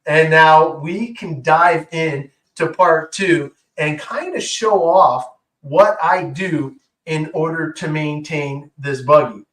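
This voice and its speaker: A man's voice: a little high, slow, hardly any pauses, a bit bright. A man co-hosting a casual show-and-tell, talking enthusiastically with lots of fillers while he demonstrates. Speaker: co-host. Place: indoor workshop room. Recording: roomy echo, far from mic.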